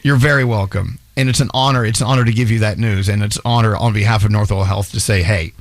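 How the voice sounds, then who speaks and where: A man's voice: on the low side, steady tone, fast, dry recording. A man hosting a morning radio show, upbeat and congratulatory as he banters with the studio crew.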